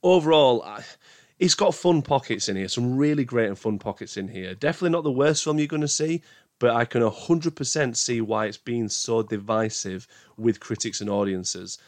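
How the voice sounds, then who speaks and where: A man's voice: medium pitch, normal speed, no echo, clean studio sound. A man giving a casual spoken film review, emphatic and prone to bursts of exasperation.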